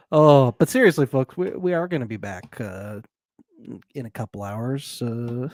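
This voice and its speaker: A man's voice: mid-range voice, a little mellow, no room sound, studio quality. A man co-hosting a live TV recap podcast, chatting casually, laughing often and plugging the show. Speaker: podcast co-host.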